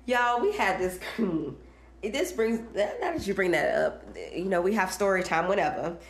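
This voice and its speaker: A woman's voice: medium pitch, expressive, a little slow, a little hiss or hum. A woman co-hosting a podcast in casual chat, blunt and profane, laughing often as she tells a story. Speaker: podcast co-host. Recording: echoey room.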